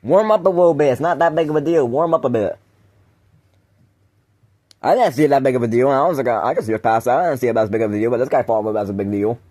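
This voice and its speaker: A man's voice: mid-range voice, fast, darkish tone. A man hosting a casual podcast chat, rambling with frequent laughs and restarted sentences. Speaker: podcast host.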